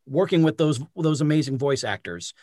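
A man's voice: fairly high pitch, animated, normal speed, darkish tone, no room sound, clean studio sound. A man in his forties hosting an interview, eager and affirming, talking loosely with many fillers. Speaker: interview host. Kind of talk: casual interview chat.

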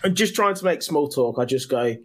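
A man's voice: a little high, animated, fairly quick. English man telling a laughing story. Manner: laughing storyteller, swearing, quoting people in voices. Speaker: podcast host telling a story. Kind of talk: casual anecdote.

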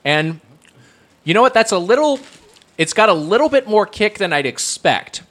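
A man's voice: high-pitched, big pitch swings, moderate pace, fairly bright tone. A man co-hosting a casual food podcast, rambling and correcting himself as he jokes and reviews. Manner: rambling, self-correcting, jokey. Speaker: podcast co-host.

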